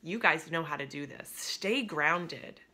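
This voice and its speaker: Upbeat woman coach, crisp bright tone, a little low-pitched, chatty and quick to laugh. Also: lively intonation. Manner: upbeat and chatty, laughs easily, drops to near whispers. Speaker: business coach. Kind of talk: casual direct-to-camera coaching talk.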